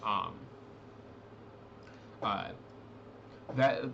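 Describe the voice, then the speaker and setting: A man's voice: fairly low pitch, drawn-out words, creaky, highs cut off, noisy background. A man narrating a tabletop role-playing game as game master, rambling with many fillers and restarts.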